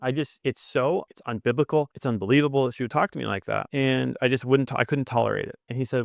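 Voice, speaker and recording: A man's voice: medium pitch, gravelly, dry recording, clean studio sound. A middle-aged man co-hosting a marriage podcast, speaking earnestly and acting out the lines of people in his stories. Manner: earnest, quick, acts out quoted dialogue. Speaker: podcast co-host. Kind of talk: candid marriage advice chat.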